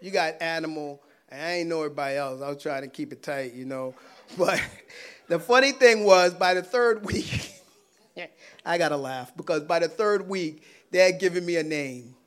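A man telling a personal faith testimony in a casual, animated way, laughing often and swinging between loud and hushed. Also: on the high side, moderate pace, clear, resonant tone. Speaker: guest sharing a personal testimony.

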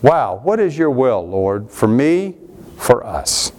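A man preaching a sermon, animated, swinging between emphatic and quieter passages. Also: medium pitch, slow. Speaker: pastor.

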